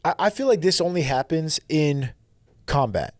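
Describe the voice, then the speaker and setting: A man's voice: on the high side, animated, moderate pace, no room sound. Dry-sounding co-host, a man. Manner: short backchannels, musing questions. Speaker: podcast co-host. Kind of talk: casual chat.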